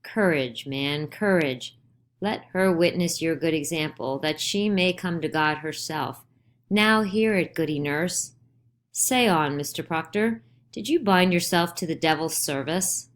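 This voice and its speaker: A woman's voice: low-pitched, measured pace. A woman voicing a stern older male judge who questions urgently and insistently in a dramatized play reading. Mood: pressing.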